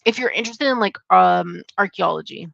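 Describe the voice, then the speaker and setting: A young woman with a lowish, gravelly voice rambles casually through new book releases, full of "um" and "like." The sound is dull and lo-fi, close and dry with no room around it. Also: brisk, a bit bright, no room sound. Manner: chatty, rambling with many fillers. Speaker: channel host. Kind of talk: casual upcoming-releases review.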